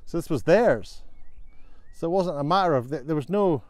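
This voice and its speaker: A man's voice: on the high side, lively intonation, moderate pace, a little mellow, dry recording. A man talking casually to camera on an outdoor walk, thinking things through aloud as he goes. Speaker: vlogger. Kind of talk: casual walking vlog.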